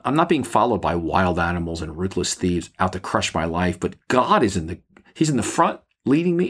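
A man with a deep, slightly husky voice teaches a podcast devotional. Working through a scripture passage, he speaks earnestly but haltingly, frequently stumbling and restarting phrases.

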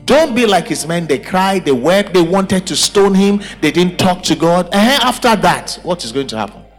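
Male pastor, emphatic sermon delivery, higher pitch, faint music under. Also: normal speed. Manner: animated, emphatic preaching with rhetorical questions. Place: church service.

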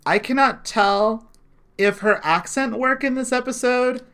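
A woman's voice: fairly high pitch, measured pace, a bit bright, clear, resonant tone. A woman co-hosting a podcast, chatting casually with dry, wry remarks. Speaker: podcast co-host. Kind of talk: casual recap chat.

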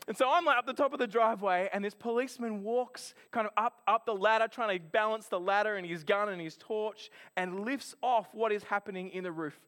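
A man delivers a sermon in a high, light voice. He tells his story in an animated, chatty way. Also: fairly quick, few pauses. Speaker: preacher.

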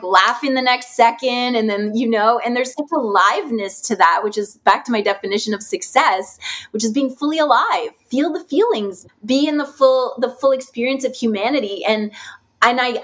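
A woman who is a guest on a podcast, talking about healing work in an animated, expressive and playful way and acting out quotes. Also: a little high. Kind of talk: casual conversational interview.

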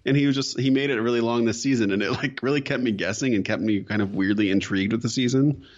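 A man's voice: medium pitch, quick pace, highs cut off. A man co-hosting a casual podcast, reading listener reviews aloud with dry joking asides. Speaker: podcast co-host. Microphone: headphones and microphone.

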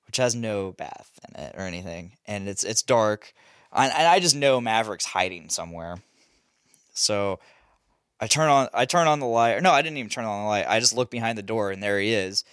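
A man's voice: on the low side, normal speed, clear, resonant tone, dry recording, studio quality. A young man telling a casual story as a podcast host, laughing often and swearing freely. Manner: animated, laughing, swears a lot.

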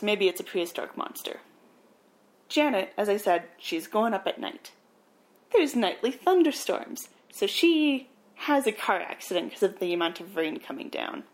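A woman co-hosting a podcast walks through a film's plot in casual chat. Her storytelling is animated, and she drops wry asides along the way. She sounds relaxed and conversational. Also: medium pitch. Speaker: podcast co-host. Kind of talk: casual movie recap.

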